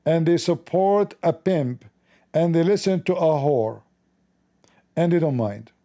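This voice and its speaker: Gravelly, mocking male livestream host. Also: on the high side, a little slow, mellow. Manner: mocking, sarcastic, confrontational; non-native English grammar. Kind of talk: combative livestream commentary answering chat.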